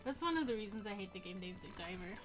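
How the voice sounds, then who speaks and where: A woman's voice: mid-range voice, animated, quick pace. A young woman in her twenties streaming a game, chatting casually in a rambling, self-correcting way and laughing often. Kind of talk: casual gaming stream chat. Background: game music and keyboard typing.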